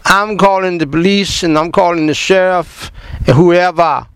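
High-pitched yet clear and resonant, with a slightly bright tone, this man speaks at a moderate pace and fairly even intonation despite poor audio. His commentary is emphatic and sermon-like, full of rhetorical questions and words repeated in his fervor.

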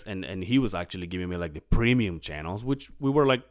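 In a low voice and at a fast clip, a middle-aged man co-hosting a podcast shares a story during casual chat, still in his morning voice and clearing his throat. He's animated, acts out the quotes, and curses freely.

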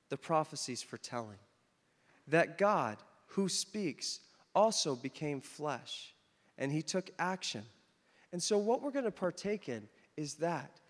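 A man preaching a sermon, telling a story with animated emphasis, then leading communion. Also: a little high. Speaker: pastor. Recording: long hall reverb.

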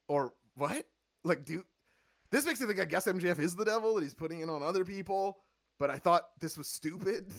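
A man's voice: on the high side, fairly bright tone, no room sound, studio quality. A man hosting a casual podcast, reviewing wrestling with sarcasm and acting out quotes in funny voices. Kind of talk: casual chat.

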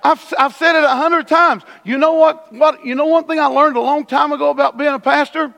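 A man's voice: very high-pitched, fairly even intonation, fairly quick, vocal fry, fairly bright tone. A man preaching a sermon as pastor in a church, conversational with sudden emphatic bursts. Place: church sanctuary. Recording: long hall reverb.

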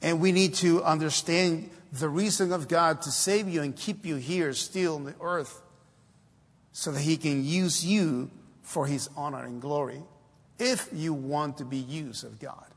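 A man's voice: fairly high pitch, measured pace, breathy edge. A man preaching a sermon in a church, hesitant with many fillers but breaking into emphatic exhortations. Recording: long hall reverb.

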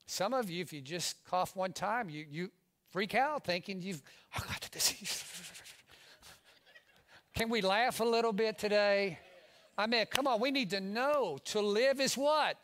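A middle-aged pastor from Louisiana preaching a sermon, swinging from loud exclamations to hushed asides. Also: male voice, sits high, moderate pace.

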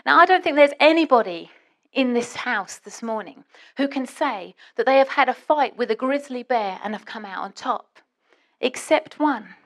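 A woman preaching a sermon in a church, dramatic and swinging between hushed and loud. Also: high voice, expressive, moderate pace.

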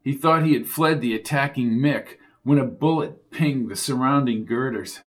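A man reading a crime thriller audiobook with steady, driving storytelling. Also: mid-range voice, moderate pace. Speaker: audiobook narrator. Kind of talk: scripted thriller narration.

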